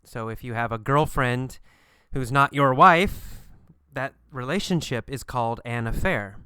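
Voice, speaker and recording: A man teaching a recorded English lesson, repeating words slowly and encouraging his listeners. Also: medium pitch, pushed and bright, clean tone, dry recording, studio quality. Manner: slow, repetitive, encouraging.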